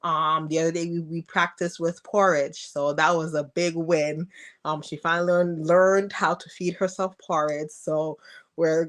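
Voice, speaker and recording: Her intonation is fairly even and her speed normal as she shares frank stories on a podcast about being a toddler's mom. In this casual interview, she acts out talks with her daughter using a high, raised voice.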